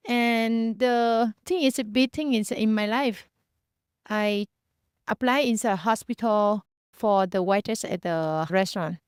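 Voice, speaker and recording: A woman from Vietnam with a Vietnamese accent, a business founder answering interview questions haltingly. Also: a little high, clear, resonant tone, no room sound, clean studio sound. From Quang Nam, Vietnam. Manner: halting, many fillers and restarts.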